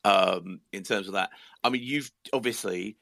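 Low gravelly man, jokey co-host. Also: normal speed, fairly bright tone, no room sound, studio quality. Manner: jokey, friendly, rambling questions. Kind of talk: casual phone-in chat.

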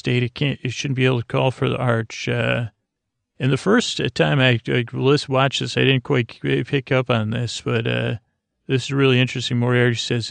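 A man's voice: mid-range voice, vocal fry, no room sound. A man hosting a podcast, giving a sleepy, rambling recap of an episode with many fillers. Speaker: podcast host.

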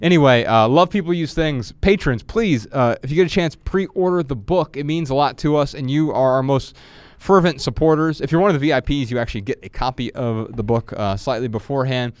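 A middle-aged man co-hosting a podcast, chatting and reading his own writing aloud with lively storytelling. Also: medium pitch, brisk, hardly any pauses, clean tone, no echo. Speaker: podcast co-host.

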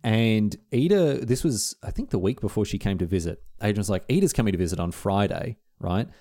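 A man co-hosting a podcast, chatting casually and telling an animated anecdote. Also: on the low side, a little fast. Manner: animated anecdote-telling, quotes friends in exaggerated voices. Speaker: podcast co-host. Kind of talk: casual chat, storytelling.

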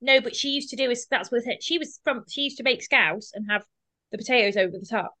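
A woman's voice: a little high, fast. A British woman co-hosting a podcast, chatting casually and jumping in eagerly. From Britain. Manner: lively and animated, jumps in eagerly. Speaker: podcast co-host. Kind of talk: casual chat.

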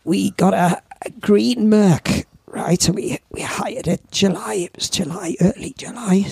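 A man's voice: high voice, unhurried, no echo. An older Welsh man, a former surfing champion, telling rambling anecdotes in a casual interview. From Wales. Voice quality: gravelly, raspy. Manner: rambling anecdotes with lively asides. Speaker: surf shop owner and former surfing champion.

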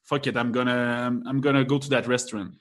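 A man's voice: medium pitch, steady tone, fast. Chatty young man. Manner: rambling, laughs often, many restarts. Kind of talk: casual chat.

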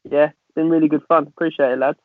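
Guest on a tinny remote line. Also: male voice, fairly high pitch, steady tone, fast talker, a crowd in the background. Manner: self-deprecating, earnest. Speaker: podcast guest. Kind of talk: casual chat over a remote call. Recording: tinny phone-like line, dry.

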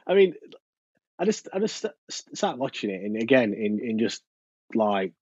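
Husky frustrated man on podcast. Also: mid-range voice, big pitch swings, moderate pace, a little mellow, dry recording. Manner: frustrated, hesitant, repeats himself. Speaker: podcast co-host. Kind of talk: football fan chat. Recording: dull dry lo-fi podcast audio.

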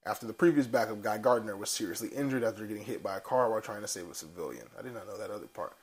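A man co-hosting a casual pop-culture podcast, animated and swearing freely as he tells stories. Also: fairly low pitch, very fast. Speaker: podcast co-host. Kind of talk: casual chat.

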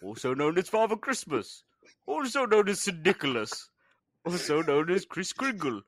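A man's voice: a little high, very animated, normal speed, a bit bright, no echo, clean studio sound. A man putting on a pompous, vain Santa Claus. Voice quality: boastful, repeats his own titles grandly. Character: pompous self-obsessed male Santa Claus. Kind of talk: comedy podcast character bit.

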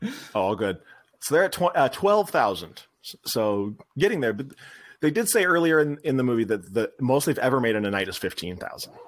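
A man co-hosting a podcast, chatting casually about a movie, relaxed and rambling with laughs. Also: mid-range voice, brisk. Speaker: podcast co-host.

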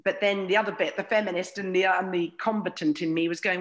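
A woman's voice: fairly low pitch, steady tone, fast, hardly any pauses. A middle-aged woman, a comedian guest, telling wry, sweary anecdotes and acting out the voices of others. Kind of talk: anecdotal podcast chat.

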